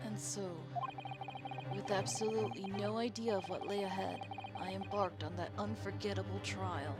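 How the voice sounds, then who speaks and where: A woman's voice: medium pitch, close to an everyday voice. A woman voicing a nervous young male defendant who narrates his trial in an anxious, earnest inner monologue, with game music behind.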